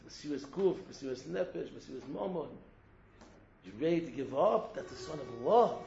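A man's voice: fairly high pitch, animated, brisk, gravelly, dark tone, reverberant, muffled recording, a little hiss or hum. A man giving an impassioned Torah sermon, exhorting his listeners and returning again and again to the same form of address. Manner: exhorting, repeats a refrain of address, mixes Hebrew terms. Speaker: rabbi giving a Torah talk.

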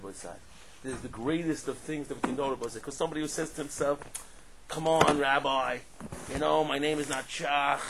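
A man giving a rambling Torah talk to a room, full of Yiddish and Hebrew terms, swinging from quiet asides to loud, impassioned peaks. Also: on the high side, slight background noise, rough recording. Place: room with a live audience.

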